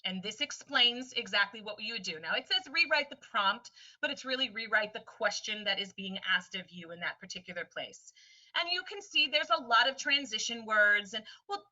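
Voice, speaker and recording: A woman teacher presenting a webinar lesson in a lively way, often slipping into quick voices for students and friends. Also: fairly high pitch. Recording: distant, dull lo-fi sound.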